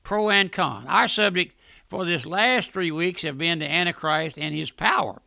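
Older male radio preacher, high gravelly voice, bright and dry, folksy and earnest. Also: moderate pace, dry recording. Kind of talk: radio sermon. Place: radio studio.

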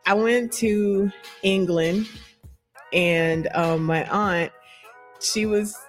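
A woman's voice: mid-range voice, steady tone, extremely slow, soft background music. A woman co-hosting a casual chat, playful and giggly as she tells stories. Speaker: podcast co-host.

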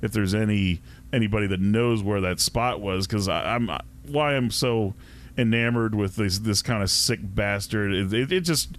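A man's voice: on the low side, moderate pace. A man co-hosting a podcast, chatting casually with crude humor and frequent stuttered restarts. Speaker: podcast co-host. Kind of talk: casual chat.

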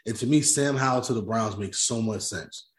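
A man's voice: on the low side, normal speed, reverberant. A man co-hosting a casual sports podcast, making his case at length and arguing his points. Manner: argumentative, explains at length. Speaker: podcast co-host.

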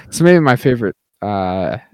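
A man's voice: on the low side, sing-song, moderate pace, a little mellow, clear, resonant tone, dry recording. A man co-hosting a podcast, chatting casually about a film and often saying "like I said" and "right?". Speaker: podcast co-host.

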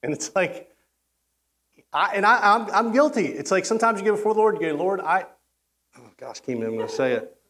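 Male pastor, sermon delivery, casual and conversational, slips into character voices, slightly higher pitch. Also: lively intonation, quick pace, fairly bright tone. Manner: conversational, acts out quoted voices, frequent restarts.

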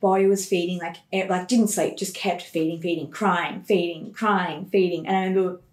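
A young woman, a podcast guest, chatting casually and telling animated stories full of quoted dialogue. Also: lowish voice, moderate pace. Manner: animated storytelling, quoting others. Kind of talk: casual interview. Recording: roomy echo.

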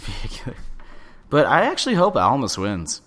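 Lively opinionated young-sounding man chatting. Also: on the low side, normal speed. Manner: opinionated, animated wrestling fan talk with fillers and swearing. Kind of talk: casual chat.

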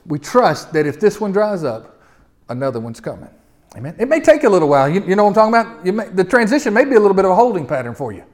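A man with a notably high-pitched voice preaches a sermon. He swings between loud, pressing exhortation and quiet, low musing. He calls on the congregation to repeat lines after him. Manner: repetitive, call-and-response delivery with stutter-starts. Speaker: pastor.

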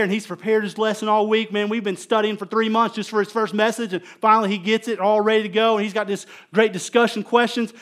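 A middle-aged man preaching a conversational sermon as pastor, telling stories animatedly and swinging between loud emphasis and quiet asides. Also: sits high.

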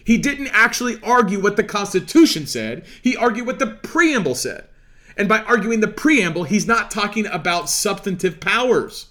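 Sharp-toned and expressive, a high-pitched male legal commentator explains the law at a moderate pace. He lectures in a preachy, emphatic manner, throwing out one rhetorical question after another.

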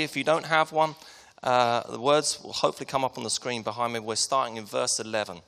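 A man's voice: mid-range voice, bright, forceful tone. A man in his thirties from Hertfordshire with an English accent, preaching a sermon in a casual, joking way. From Hertfordshire, England. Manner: chatty, joking, self-deprecating. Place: church hall. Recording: long hall reverb.

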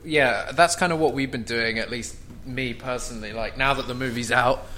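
A man chats casually as a podcast co-host, his tone bright and sharp. He restarts his sentences often, with a faint background noise under his voice. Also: mid-range voice, moderate pace.

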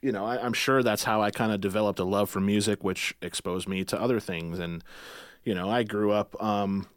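Man, podcast guest, from Michigan, low voice, dry close sound, rambling with fillers. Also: steady tone, a little fast, clean tone, dry recording. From Michigan, USA. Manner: rambling, lots of fillers and restarts. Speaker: guest musician. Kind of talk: casual podcast chat.

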